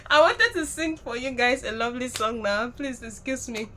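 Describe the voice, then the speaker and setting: A young woman chatting casually to camera, excitable and teasing, often laughing. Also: fairly high pitch, moderate pace, few pauses. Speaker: vlogger.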